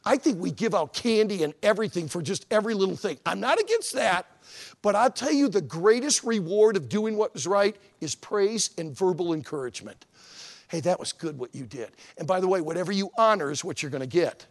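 A man preaching a sermon as pastor, folksy and animated, with frequent conversational asides. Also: high-pitched, fairly quick.

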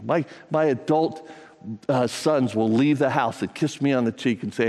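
An older man preaching a sermon, telling folksy stories with repeated phrases and sudden rises in pitch. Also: moderate pace, darkish tone. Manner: folksy storytelling with repetitions and pitch jumps. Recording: long reverb of a large hall.

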